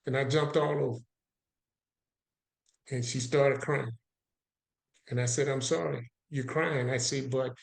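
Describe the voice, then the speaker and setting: Male podcast guest, storyteller who plays out both sides of each exchange, mid pitch, echoey room. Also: fairly even intonation, slow pace, gravelly, long pauses.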